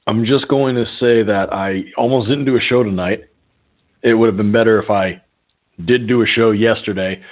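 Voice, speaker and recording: Low-voiced man rambling over a phone line. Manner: rambling, profane, with chuckles and filler words. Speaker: call-in show host. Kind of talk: casual storytelling chat.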